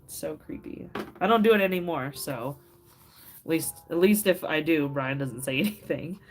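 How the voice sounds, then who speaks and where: A woman's voice: sits low, animated, normal speed. A middle-aged woman hosting a craft livestream, chatting casually with viewers, laughing often and telling loose stories full of fillers. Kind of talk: casual chat with live viewers. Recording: faint music behind.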